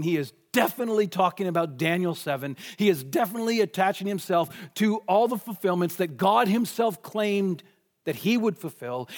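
A man delivers a sermon in a fairly high voice. He is earnest and deliberate, slowing down and stretching key phrases to press them home. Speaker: preacher.

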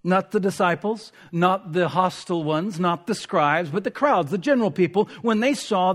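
A male preacher delivers an expository sermon. His voice is fairly high for a man. He dwells on single words and drops rhetorical asides as he explains.

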